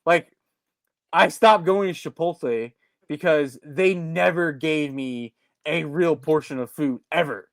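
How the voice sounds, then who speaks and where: Rambling, animated podcast man. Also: fairly high pitch, slow pace, creaky, dry recording. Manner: rambling, animated storytelling with frequent restarts. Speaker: podcast co-host. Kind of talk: casual chat.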